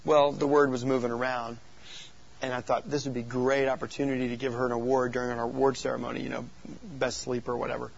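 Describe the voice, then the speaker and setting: Gravelly-voiced man telling youth-ministry stories. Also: mid-range voice, fast, dull audio. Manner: animated storytelling, acts out voices in quotes. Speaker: youth pastor. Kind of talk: talk to youth workers.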